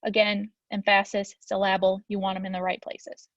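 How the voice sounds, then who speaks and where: A woman's voice: mid-range voice, flat delivery, a little fast, no echo, highs cut off. A young woman teaching a Spanish grammar lesson in a chatty, upbeat way, with frequent ums.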